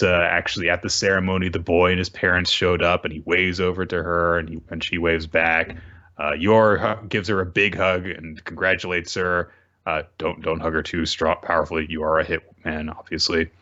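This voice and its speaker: A man's voice: low voice, pushed and bright, highs cut off. A man co-hosting a podcast, casually recapping manga chapters in a rambling way, often correcting himself and adding asides.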